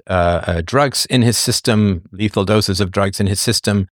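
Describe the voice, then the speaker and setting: A man's voice: lowish voice, dry recording, clean studio sound. A man hosting a show, reading and answering viewer comments in a digressive, sardonic way and laughing often. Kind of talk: casual livestream monologue.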